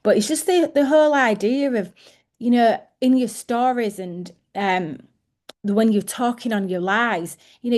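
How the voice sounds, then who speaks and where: A woman's voice: mid-range voice, darkish tone. A woman in her thirties giving a chatty coaching talk to her sales team as team leader, with many fillers and restarts.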